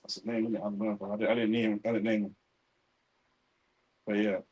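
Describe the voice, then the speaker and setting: A young man with a London accent chats loosely on a live stream, his voice a little husky. He trails his sentences with slangy tags and reacts to viewer comments. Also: lowish voice, level tone, fast, darkish tone, poor audio. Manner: slangy, trailing off with bro and innit. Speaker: watchalong co-host. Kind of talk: casual banter reading chat.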